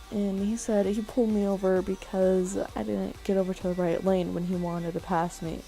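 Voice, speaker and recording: A teenage girl from California telling a story in an animated, excitable way on a casual vlog. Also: medium pitch, a little slow, soft background music, poor audio.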